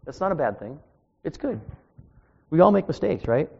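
A man's voice: on the high side, very animated, moderate pace, gravelly, slightly rough. Man in his 60s preaching in an echoey church. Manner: informal, self-deprecating, chatty asides to the congregation. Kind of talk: conversational sermon with personal stories. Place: church, at the pulpit. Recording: dull, echoey church recording.

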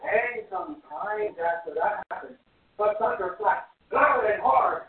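A man preaching a lively children's story sermon, animated and full of wonder, stringing together thoughts with repeated "and"s. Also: high voice, unhurried. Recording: distant echoey phone-like sound.

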